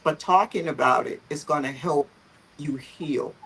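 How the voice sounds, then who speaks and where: A heartfelt woman speaks earnestly about her journey, her voice husky and a little breathy. She talks on a livestream video call, often close to tears. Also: low-pitched, measured pace, fairly bright tone, rough recording. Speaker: founder of a photo therapy group, guest. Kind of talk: livestream conversation, personal story.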